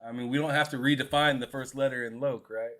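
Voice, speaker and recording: A man co-hosting a casual gaming podcast, teasing his friend with halting restarts and frequent laughs. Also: medium pitch, steady tone, fairly bright tone. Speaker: podcast co-host. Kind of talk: casual trash talk with a friend.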